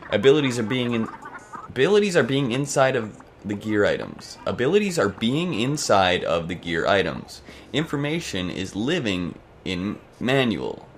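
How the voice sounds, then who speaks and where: A man's voice: lowish voice, big pitch swings, normal speed, a little hiss or hum. A man voicing a jellyfish shop clerk in a put-on Brooklyn accent, speaking in stilted, garbled English. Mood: formal.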